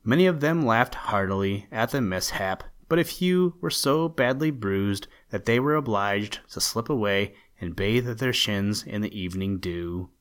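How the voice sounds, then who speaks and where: A man reads a children's fairy tale aloud in a gentle, measured voice. His voice sits a little low for a man, steady and unhurried. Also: clean tone. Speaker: narrator. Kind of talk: storybook reading aloud.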